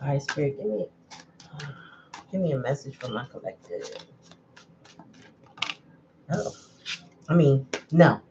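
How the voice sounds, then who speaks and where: A woman's voice: rumbling low, big pitch swings, takes it slowly, long pauses, dark tone, lo-fi sound, slight background noise. A woman giving a casual livestream tarot reading, chatty and blunt in a straight-to-the-point way. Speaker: tarot reader.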